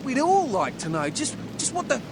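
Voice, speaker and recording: An actor with an Australian accent playing a weary young male surfer who has become a vampire, talking bluntly and roughly in a video game. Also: very high voice, wildly swooping pitch, normal speed, heavily acted. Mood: bitter. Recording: loud background noise.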